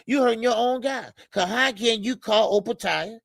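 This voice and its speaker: Gravelly man rambling on a live show. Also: very high-pitched, moderate pace, a bit bright, no echo. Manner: rambling, many fillers, reads out super chats. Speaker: boxing show host. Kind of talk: casual live-stream chat.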